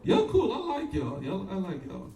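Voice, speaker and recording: A man's voice: high voice, wildly swooping pitch, moderate pace, vocal fry, dark tone. A young man from Fort Wayne doing a loose, profane live stand-up set, working the crowd and laughing at his own jokes. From Fort Wayne, Indiana. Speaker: stand-up comedian. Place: comedy club stage. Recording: echoey club recorded from a distance.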